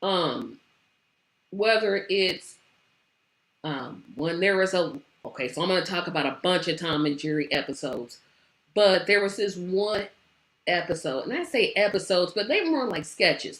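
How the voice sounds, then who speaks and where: A woman's voice: medium pitch, a bit bright, roomy sound. A woman hosting her own show, chatting casually and rambling with many fillers, saying she is tired. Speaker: show host. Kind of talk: casual livestream chat.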